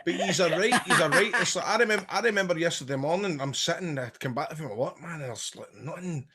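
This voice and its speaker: A man on a football podcast panel, telling a story in an animated way. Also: a little high, quick pace, breathy edge. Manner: animated storytelling, laughs easily. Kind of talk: casual football chat.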